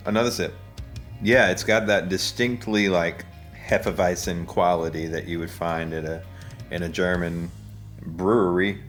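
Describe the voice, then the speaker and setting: Man, low voice, joking casual drink review, rambling with fillers, faint music behind. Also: steady tone, moderate pace, fairly bright tone. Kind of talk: casual taste-test commentary.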